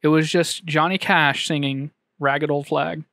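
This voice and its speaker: A man co-hosting a podcast, talking casually at a studio microphone with halting restarts and lots of ums. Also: fairly high pitch, steady tone, creaky, a bit bright, dry recording. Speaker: podcast co-host. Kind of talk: casual chat.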